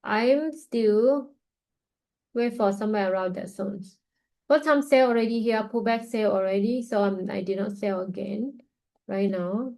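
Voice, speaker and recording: A woman's voice: medium pitch, measured pace, creaky, mellow, low-quality recording. A woman hosting a trading webinar, thinking aloud over live charts with loose grammar and many fillers, tired and yawning. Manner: casual, thinking aloud while watching charts. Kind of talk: live market analysis.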